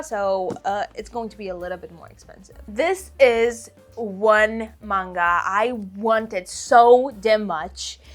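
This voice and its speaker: A woman vlogging a casual book haul, bubbly and giggly, gushing with excitement. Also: fairly high pitch.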